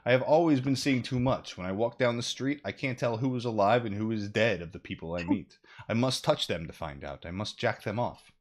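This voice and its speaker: A man's voice: on the low side, brisk, few pauses. A man in casual podcast chat, reading strange news stories aloud with profane jokes.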